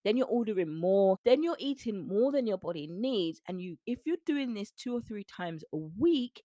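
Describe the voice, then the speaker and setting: A woman's voice: mid-range voice, a little mellow, no room sound, clean studio sound. A British woman nutrition coach hosting a solo podcast, speaking in a direct, preachy, encouraging way.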